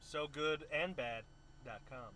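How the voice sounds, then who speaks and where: Man, co-host, casual movie chat, animated storyteller, higher pitch, noisy background. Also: slow pace. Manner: animated storyteller who acts out scenes. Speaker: movie review show co-host.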